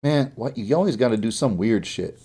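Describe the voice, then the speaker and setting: A sleepy man talks through his coding on a live stream from a home room, picked up on a desk mic. He mutters half to himself as he clicks around, cracks little jokes, and his voice sits at an ordinary middle pitch. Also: expressive, a little fast, dark tone, breathy edge. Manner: mutters to himself while working, with jokey asides. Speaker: indie game developer streaming.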